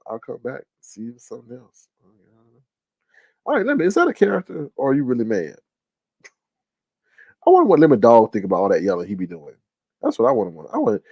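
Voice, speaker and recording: A man casually hosting a livestream, reading chat aloud in a joking, animated way and laughing often. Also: vocal fry, no echo, dull audio. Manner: animated, joking, laughs often, jumps to high-pitched exclamations.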